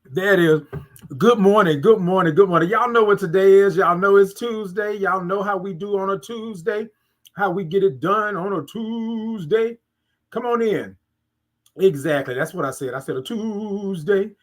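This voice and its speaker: A man hosting a casual morning livestream, greeting viewers by name with drawn-out sing-song hellos and lots of "y'all" on a close mic. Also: sits high. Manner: Southern US vernacular, "y'all". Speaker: livestream morning show host. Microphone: close mic, moved nearer.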